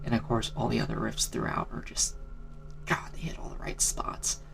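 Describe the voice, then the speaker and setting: A man casually ranking favourite songs in a rambling vlog, keeping his voice down, swearing and filling pauses with ums. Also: mid-range voice, creaky, whispered, music in the background. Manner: keeps voice down on purpose. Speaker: music video creator.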